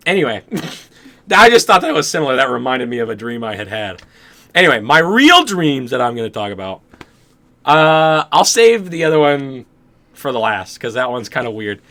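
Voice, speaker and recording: A young podcast co-host recounts a dream in casual chat, rambling, laughing often and acting out his own reactions. His medium-pitched voice is very animated, bright and forceful, at a moderate pace.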